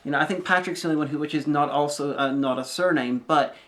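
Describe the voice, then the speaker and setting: A woman's voice: low-pitched, quick pace, fairly bright tone. A woman co-hosting a casual chat, blunt and sweary, ranting in exasperation. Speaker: co-host.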